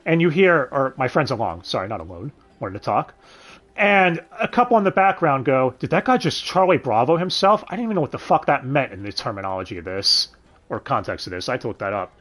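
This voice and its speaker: A man's voice: mid-range voice, expressive, fast talker, a bit bright. A man reviewing a dub in casual commentary, sarcastic and swearing, with sighs and questions to his listeners. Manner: sarcastic, swears often, sighs and asks the audience.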